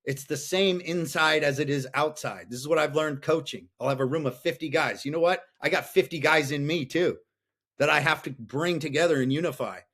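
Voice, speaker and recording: A man's voice: on the high side, fairly bright tone. Blunt, intense man on a podcast call. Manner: blunt and intense, swears freely, asks himself rapid questions. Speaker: podcast guest, fathers' coach. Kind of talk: candid podcast conversation. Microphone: remote call.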